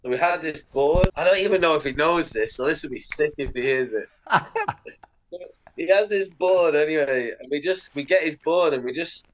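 A man with a voice on the high side speaks at a moderate pace, the recording muffled. He's an English pro skateboarder guesting on a podcast, telling casual interview stories while swearing freely and animatedly acting out other people's voices.

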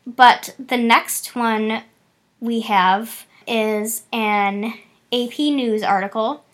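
A woman's voice: on the high side, steady tone, a bit bright. A woman co-hosting a casual chat, reading out news stories and reacting to them. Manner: chatty, fast bursts, laughs often. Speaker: podcast co-host.

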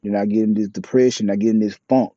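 A man's voice: fairly low pitch, steady tone, quick pace, dark tone, dry recording. A man talking bluntly and profanely in a casual, opinionated monologue. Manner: blunt, profane, preachy street talk. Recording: dull, dry, lo-fi mic.

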